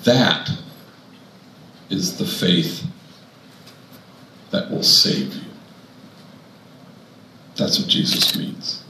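A priest with a fairly low voice tells stories from the pulpit, wry at first and then earnest. His voice rings in a roomy hall, with a faint hum of the room behind him. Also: extremely slow, pauses often, pushed and bright. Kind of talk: storytelling sermon to an audience.

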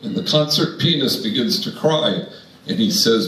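Priest telling stories in a roomy hall. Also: male voice, medium pitch, animated, normal speed, fairly bright tone, slight background noise. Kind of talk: storytelling sermon to an audience.

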